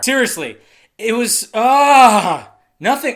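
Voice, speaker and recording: A young adult film reviewer giving a casual, ranting review, profane and excitable, swinging from low muttering to loud shouting. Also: unhurried.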